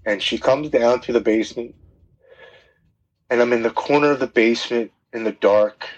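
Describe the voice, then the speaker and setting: A man's voice: mid-range voice, normal speed, muffled recording. A man guest on a podcast telling his personal story in a candid, plain-spoken way, often restarting his sentences.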